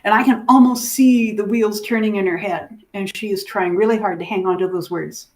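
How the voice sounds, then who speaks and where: Woman dementia educator, lively storyteller, voices the people she describes. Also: mid-range voice, normal speed. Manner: animated, acts out the people in her stories. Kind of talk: teaching through stories.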